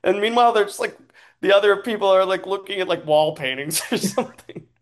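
A man's voice: high voice, a little fast. A man casually telling an improvised story, chatty and laughing often, checking in with his listener.

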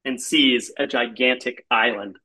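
A man telling a rambling comic story in a halting way, full of "like" and restarts, as he describes absurd scenes. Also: mid-range voice, steady tone, bright, forceful tone.

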